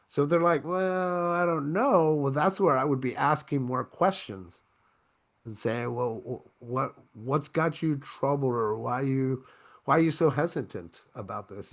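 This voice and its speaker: Guy doing a sales training to his camera, mid pitch, lively and chatty, keeps saying right?. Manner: energetic, conversational, checks in with "right?". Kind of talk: online training talk. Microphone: own camera.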